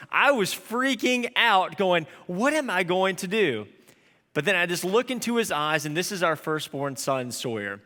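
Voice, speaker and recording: A man in his thirties preaches with a high, bright voice. He tells stories in a lively, conversational way, and his voice rings with the long reverb of a large hall. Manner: storytelling, animated and conversational. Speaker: pastor. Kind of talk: sermon.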